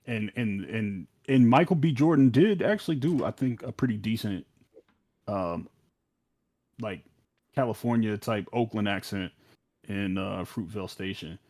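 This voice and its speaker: A man's voice: lowish voice, lively intonation, measured pace, a little mellow. A young man co-hosting a podcast, talking casually with many likes and ums. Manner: rambling, lots of like and um. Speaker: podcast co-host.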